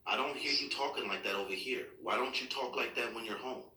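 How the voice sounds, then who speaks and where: A man's voice: medium pitch, fairly quick, bright, forceful tone, a little hiss or hum. A man speaking as a father, talking patiently and firmly with his child, reassuring him. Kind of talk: serious heart-to-heart with a child. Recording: echoey room, mic far off.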